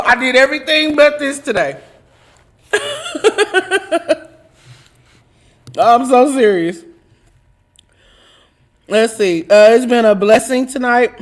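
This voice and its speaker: Signing off from her live online talk show, a woman speaks in a high, sing-song voice, slowly and with long pauses. Her casual livestream chat is churchy and affectionate toward viewers, full of jokes and frequent laughter.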